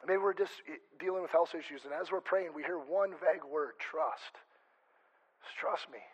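Husky, chatty preaching man. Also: on the high side, fairly quick, low-quality recording. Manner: chatty, self-interrupting, joking asides. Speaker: pastor. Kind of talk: conversational sermon.

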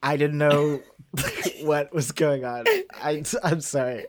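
Friend asking curious questions in a movie chat, mid-pitched voice. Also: fairly even intonation, slow.

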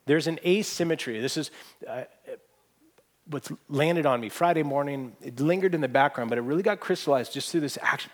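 A man preaching a sermon, earnest, pressing points hard and then dropping to a hushed voice. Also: medium pitch, brisk. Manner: earnest, swings from emphatic to hushed. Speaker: pastor.

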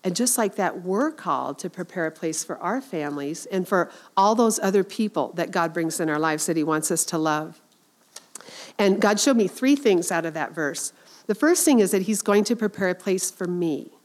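A woman's voice: on the low side, lively intonation, normal speed. A middle-aged woman giving an informal Christian talk to women, earnest and chatty, with many fillers and restarts.

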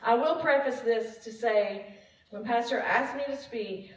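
A praise and worship leader with a slightly high voice speaks unhurriedly, giving her church a casual, self-deprecating testimony sermon punctuated by frequent laughter. The sanctuary echoes and the mic is far from her.

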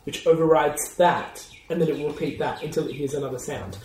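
A man running a tabletop game, his voice sitting a touch high for a man. He describes scenes in detail and laughs often. He sounds a little distant from the mic, in an echoey room with faint noise behind. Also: fairly quick, darkish tone. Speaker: game master.

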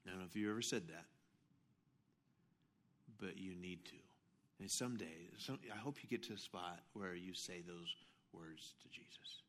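A middle-aged man preaching a sermon as pastor, telling stories with animated swings between hushed asides and loud outbursts. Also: sits low, normal speed, pauses often.

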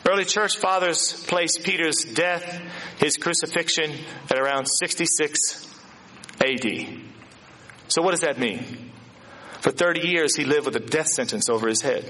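A man preaching a sermon to a congregation, emphatic and animated, with rhetorical questions and repeated phrases. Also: a little high, unhurried, slight background noise. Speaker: pastor.

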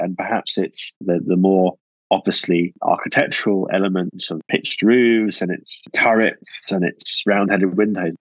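Low voiced guy thinking out loud, lots of uh and restarts, dry dullish sound. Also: no echo, dull audio. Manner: thoughtful, with many restarts and fillers. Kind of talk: conversational interview answers.

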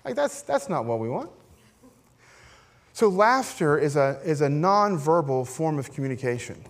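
A man's voice: on the high side, big pitch swings, normal speed. A middle-aged man preaching as a pastor, in a conversational, self-deprecating way with frequent "right?" asides. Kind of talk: sermon.

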